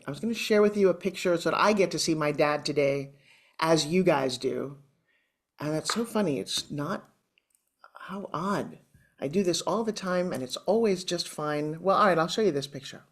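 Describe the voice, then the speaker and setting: Chatty, emotional Long Island woman in her sixties, guest telling her life story over a video call. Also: fairly low pitch. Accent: Long Island New York. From Long Island, New York. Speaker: interview guest. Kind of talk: candid personal storytelling.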